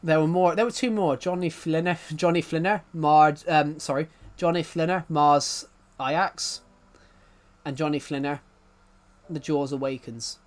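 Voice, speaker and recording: A young man with a slightly high voice rambles through casual live-stream chat. He is self-deprecating, chuckles often, and trips over his own sentences as he goes. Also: steady tone, a little slow.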